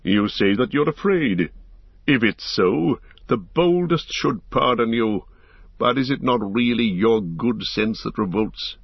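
A man's voice: medium pitch, lively intonation, a little slow, vocal fry, slightly rough, dry recording, heavily acted. A man voicing a proud, fervent tall warrior in an audiobook, impassioned, pleading and raging. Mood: urgent. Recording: slightly dull lo-fi recording.

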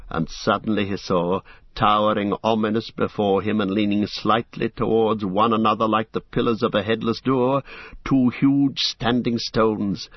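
A deep-voiced man with a husky edge narrates a fantasy tale in a measured, dramatic way. The sound is dry and close, yet dull and muffled, like a lo-fi recording. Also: dry recording. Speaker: audiobook narrator.

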